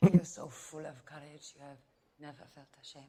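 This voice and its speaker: A woman's voice: deep voice, little pitch movement, normal speed, mellow, slightly rough. An actress playing a guarded, disdainful woman in a game, speaking in clipped, cool tones. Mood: cold. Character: cool guarded German woman singer, middle-aged. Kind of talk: game dialogue.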